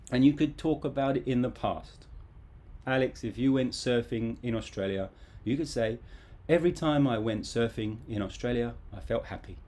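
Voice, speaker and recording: A man teaches English grammar to a live online audience. His voice is mellow and warm, his manner loose, playful and chatty. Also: medium pitch, normal speed. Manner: casual, playful, lively.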